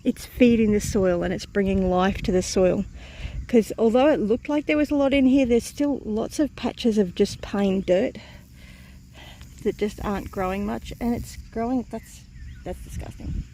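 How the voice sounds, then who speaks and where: Outdoors on her farm, a woman vlogs casually in a chatty, rambling way, full of fillers and self-corrections. She sounds tired and a bit out of breath, with a dark, mid-range voice at a moderate pace. A little hiss or hum is audible.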